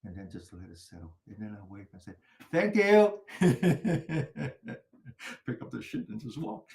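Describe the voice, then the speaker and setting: An older man leads a mindfulness class in a loose, conversational way, telling stories and checking in with his listeners. His voice sits at a middle pitch, and the room around him rings with echo. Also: big pitch swings, unhurried, creaky, darkish tone. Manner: chatty storytelling with frequent laughs and rhetorical "right?". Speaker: mindfulness teacher. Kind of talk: teaching a meditation class.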